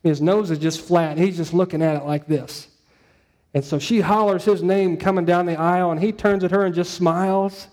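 Man, pastor, conversational sermon, mellow voice. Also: sits high, fairly even intonation, moderate pace. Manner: conversational, storytelling, frequent "um" and "right?".

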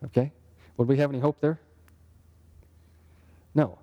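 The recording is muffled, but the man's mid-range voice is mellow and relaxed as he leads a Bible study. He chats with the group, checking in through quick questions, giving the interactive sermon the feel of an informal lesson rather than a formal one.

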